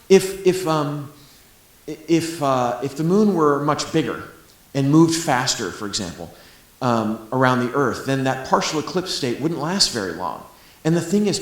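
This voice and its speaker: A man's voice: mid-range voice, roomy sound. A middle-aged man, an astronomer giving a public lecture, talking with chatty enthusiasm and humorous asides. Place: library lecture room.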